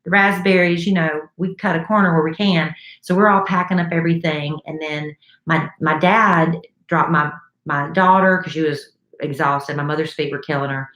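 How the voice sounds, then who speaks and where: A middle-aged woman and radio co-host, telling a story in a chatty, animated way in casual talk. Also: low voice, moderate pace. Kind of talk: casual chat. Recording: echoey room.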